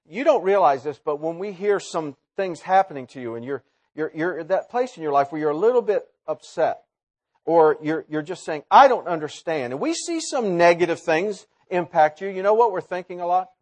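A man preaching a sermon in a college chapel, swinging between loud emphatic lines and low quiet asides. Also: animated, moderate pace.

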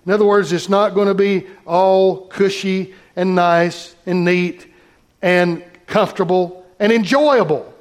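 A man's voice: sits high, fairly even intonation, measured pace. A man pastor preaching a sermon, reading scripture aloud and talking directly to his congregation.

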